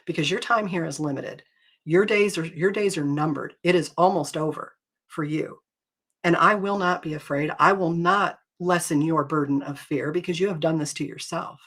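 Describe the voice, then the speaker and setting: A middle-aged woman hosts a live faith-based talk in a husky, breathy voice. She speaks earnestly and with emphasis, addressing her viewers directly. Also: sits low, normal speed, a bit bright. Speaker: host.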